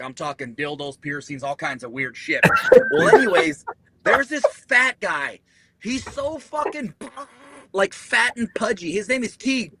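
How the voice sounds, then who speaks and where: Over a noisy background, a fairly high-pitched American man tells a war story as a podcast guest. He's a Marine veteran, and the telling is casual, profane and animated, with the people in it voiced as he quotes them.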